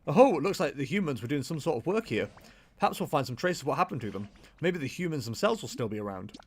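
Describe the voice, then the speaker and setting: A man's voice: fairly high pitch, very animated, quick pace, slightly rough, exaggerated voice. A man reading out a friendly, helpful game companion's lines in his own voice. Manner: reading on-screen dialogue aloud.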